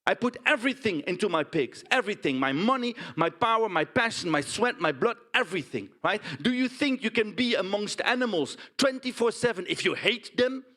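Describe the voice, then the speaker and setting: An actor with a Dutch accent plays a blunt, indignant pig farmer in a stage monologue, often tagging lines with "huh?" and "right?". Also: male voice, high-pitched, brisk, hardly any pauses, full character voice. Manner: blunt, animated storytelling with frequent "huh?" and "right?" tags. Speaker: stage performer. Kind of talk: theatrical monologue.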